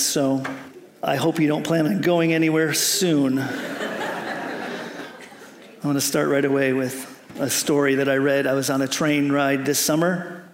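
A man's voice: fairly high pitch, big-room sound, slight background noise. A male preacher telling a story in a sermon with a light, humorous delivery.

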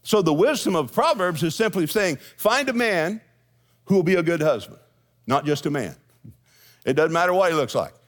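A man's voice: a little high, lively intonation, normal speed. A middle-aged man preaching a sermon as senior pastor, folksy, telling jokes and stories to his congregation. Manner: folksy storytelling with jokes and asides. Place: church sanctuary with congregation.

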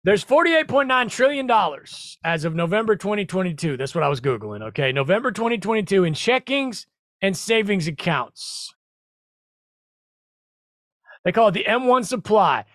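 Excitable high-voiced man hyping his listeners. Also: normal speed, no echo, clean studio sound. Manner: loud, salesy, excitable, with laughs and exclamations. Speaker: podcast host. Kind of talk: animated solo podcast talk.

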